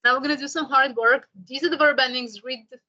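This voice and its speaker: A woman's voice: high voice, steady tone, fast talker, bright, forceful tone, dull audio. A woman teaching Spanish on a video call, encouraging her student and correcting his pronunciation by repeating words back to him. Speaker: Spanish tutor. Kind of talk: online one-on-one lesson.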